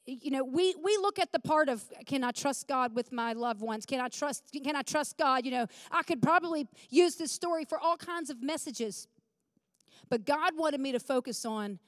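In a church sanctuary, a woman pastor in her forties gives a sermon with fervent prayer and an earnest personal anecdote. Her voice sits high with lively intonation and a moderate pace, captured in clean studio sound with the long reverb of a large hall.

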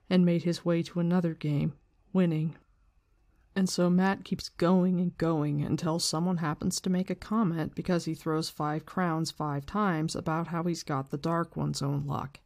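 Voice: medium pitch, darkish tone, no room sound, studio quality. A book-discussion host retelling a story in a loose, slangy way with some swearing, switching into reading passages aloud.

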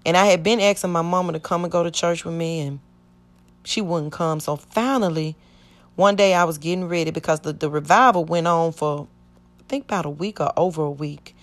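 Middle-aged woman, low-ish voice, earnest rambling testimony, voices the people in her story. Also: a little fast. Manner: earnest, rambling, acts out quoted speech. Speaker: church member giving testimony.

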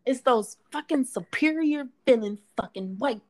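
A woman's voice: high voice, lively intonation, moderate pace, background noise. A woman co-hosting a casual chat, talking bluntly and profanely in a ranting way.

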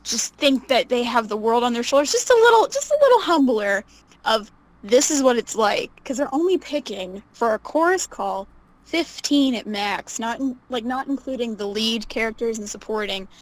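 A young woman telling stories casually as an interview guest, animated, laughing often and acting out what people said. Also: fairly high pitch, moderate pace, no echo, poor audio. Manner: animated, laughs often, acts out quoted voices. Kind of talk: casual storytelling.

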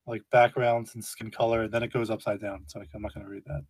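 A man's voice: fairly low pitch, level tone, fast, a little mellow, slightly rough. A young man co-hosting a casual podcast, laid-back and a little hesitant, with dry remarks. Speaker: podcast co-host.

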